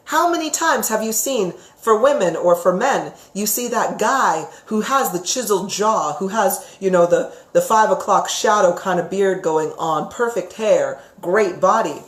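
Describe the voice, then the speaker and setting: Woman, psychic teacher, chatty live-stream talk, expressive, roomy echo, mid pitch. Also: measured pace, hardly any pauses. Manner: chatty and expressive, keeps asking "right?". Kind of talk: live-stream chat reading viewer comments.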